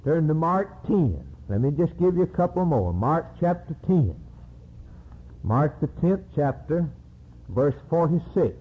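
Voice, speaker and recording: A man's voice: on the high side, very animated, unhurried, husky. A man preaching a sermon, reading scripture and acting out its cries with dramatic emphasis. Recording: tinny lo-fi phone-like recording.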